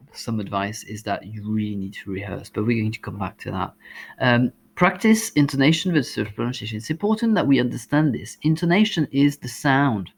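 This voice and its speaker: A man with a French accent, a language teacher giving exam tips, explaining step by step with frequent ums and uhs. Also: fairly low pitch.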